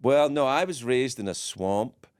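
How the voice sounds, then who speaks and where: A Scottish man, a guest comedian in a radio interview, talking playfully and quickly with stammered restarts. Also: mid-range voice, lively intonation, a little mellow, clean tone, dry recording, studio quality. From Scotland. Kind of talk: casual radio interview banter. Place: radio studio.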